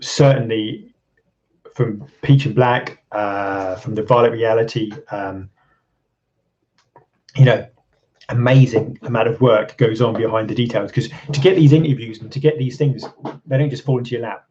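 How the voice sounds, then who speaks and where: A man's voice: mid-range voice, moderate pace, a little mellow, a little hiss or hum. English guy hosting a livestream, rambly, um-heavy, kinda dull lo-fi sound. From England. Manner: rambling, many ums and restarts, chuckles often. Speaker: channel host. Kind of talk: casual live-stream chat reading viewer comments.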